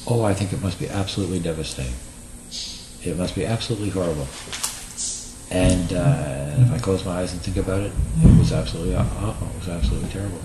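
A man giving a reflective, measured answer in a documentary interview. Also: deep voice, background noise. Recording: echoey room with clear music behind.

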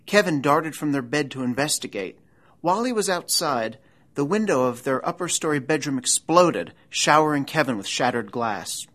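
A man reading scripted documentary narration about an eerie true case, with a measured, dramatic storytelling delivery. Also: on the high side, expressive, a bit bright.

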